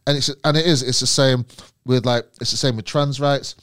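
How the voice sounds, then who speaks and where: A man's voice: mid-range voice, fairly even intonation, a little fast, fairly bright tone, smooth. A man, a comedian guest on a podcast, ranting in casual chat with emphatic swearing.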